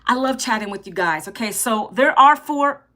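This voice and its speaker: A woman, talking on a live stream in a loose, chatty way. Her voice is bright and a little forceful, pitched somewhat high for a woman. She keeps turning to her viewers and reading out their comments. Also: expressive, moderate pace. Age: 50s. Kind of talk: casual live-stream chat.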